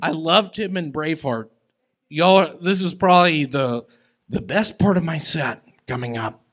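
High-voiced slow-talking man comedian. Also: fairly bright tone. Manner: slow, halting, awkward delivery with odd pauses. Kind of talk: live stand-up and crowd banter. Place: comedy stage with live audience.

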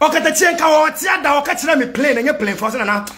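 A Ghanaian man delivering a fiery vlog rant to supporters, switching between Twi and English and breaking into shouts. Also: very high-pitched, animated, fairly quick, crowd noise. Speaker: political commentator addressing supporters abroad.

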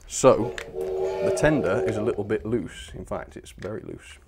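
Cheerful chatty man with a low voice. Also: lively intonation, unhurried, darkish tone, husky. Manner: cheerful and chatty, laughs often. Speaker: host of a model railway live stream. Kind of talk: casual live-stream chat.

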